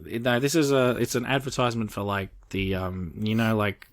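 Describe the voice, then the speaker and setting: Wry low-voiced podcast man. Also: brisk. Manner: wry, analytical, deadpan jokes. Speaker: podcast co-host. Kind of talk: casual gaming podcast chat.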